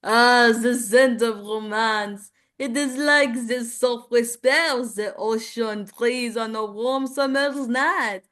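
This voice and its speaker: A woman voicing an amorous male cartoon skunk with a put-on French accent, wooing slowly and theatrically. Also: on the high side, steady tone, fairly bright tone. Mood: seductive. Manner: slow, honeyed, theatrical wooing.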